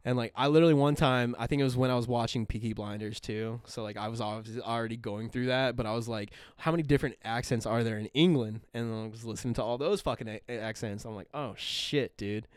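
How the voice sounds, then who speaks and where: A man's voice: medium pitch, fast talker, hardly any pauses, clear, resonant tone, no echo, clean studio sound. A young American man, hosting a podcast in casual chat, rambling and swearing a lot, laughing as he talks. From United States. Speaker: podcast host.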